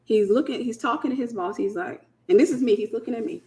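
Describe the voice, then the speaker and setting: A woman's voice: fairly high pitch, fast talker, warm tone. Emphatic woman giving casual Christian teaching. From United States. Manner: emphatic, colloquial, repeats key phrases. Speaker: host.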